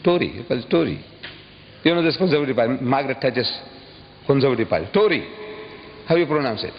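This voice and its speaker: A man giving an impassioned public lecture, emphatic and full of rhetorical questions, his voice leaping into sudden high bursts. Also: expressive, quick pace, creaky. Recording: dull old recording, long hall reverb, faint hiss.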